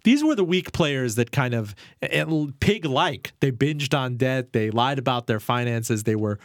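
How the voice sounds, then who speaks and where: A man hosts a finance interview in a voice of ordinary pitch. He pushes with rhetorical questions and walks through events date by date. The mic is close and dry, with no room around him. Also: lively intonation, unhurried, no room sound. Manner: probing, rhetorical, tells the story with dates and figures. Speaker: interview host.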